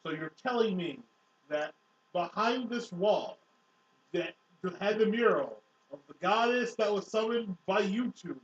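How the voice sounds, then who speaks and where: A man's voice: high-pitched, expressive, unhurried. A young man giving sarcastic, incredulous commentary, swearing often. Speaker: co-host. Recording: dull, echoey room from a distant mic.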